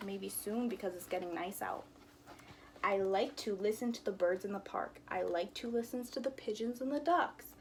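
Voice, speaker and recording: A woman's voice: fairly high pitch, a little hiss or hum. A woman teacher reading a picture book aloud to children, acting out the sound words playfully. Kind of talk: storybook read-aloud with sound effects.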